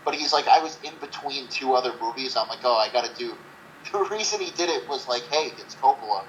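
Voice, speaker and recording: A man's voice: mid-range voice, fairly quick, a bit bright, a little hiss or hum, low-quality recording. A man co-hosting a casual movie review podcast, rambling with lots of fillers and swearing. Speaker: podcast co-host.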